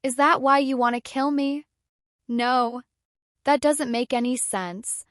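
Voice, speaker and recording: A woman's voice: sits high, steady tone, takes it slowly, fairly bright tone, dry recording, studio quality. A woman narrator voicing a young man, a student turned fighter, who speaks in a dazed, bitter way after being betrayed. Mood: angry. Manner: dazed, then angry and bitter.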